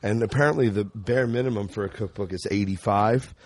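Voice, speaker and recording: A man's voice: lowish voice, fairly quick, a little mellow. A man, a podcast guest, chatting in an easygoing, self-deprecating way. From New York. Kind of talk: casual chat.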